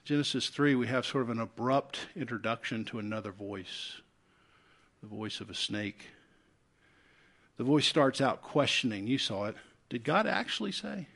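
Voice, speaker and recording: A man with a Southern US accent preaching a sermon as pastor, swinging between loud urgent calls and soft hushed appeals. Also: medium pitch, moderate pace.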